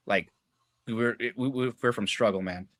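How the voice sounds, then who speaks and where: In a casual storytelling chat, a young podcast guest swears freely, piles on filler words, and acts out quoted dialogue from his personal stories. He speaks at normal speed with a medium-pitched, somewhat bright voice, in clean studio sound with no room noise.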